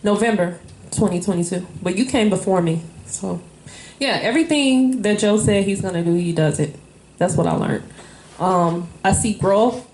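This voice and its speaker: A woman's voice: medium pitch, moderate pace, a little mellow, a little hiss or hum. A woman in a casual interview, telling a personal story candidly and emotionally, with many fillers. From Illinois. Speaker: interviewee, wife. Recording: echoey room.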